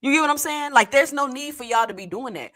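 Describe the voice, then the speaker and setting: A man's voice: very high-pitched, animated, quick pace, pushed and bright. A man hosting a casual boxing talk show, talking in a loose, slangy, conversational way. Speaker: host.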